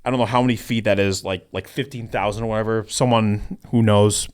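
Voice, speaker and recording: A man's voice: lowish voice, steady tone, fairly quick, darkish tone, smooth. A man co-hosting a casual podcast, telling a story in a rambling way with lots of fillers, restarts and laughter. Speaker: podcast co-host. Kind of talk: casual chat.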